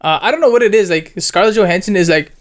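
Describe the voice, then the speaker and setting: Laughing, slangy young man with a smooth voice. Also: high voice, quick pace. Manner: laughing, slangy retelling of scenes. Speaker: co-host. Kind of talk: casual chat.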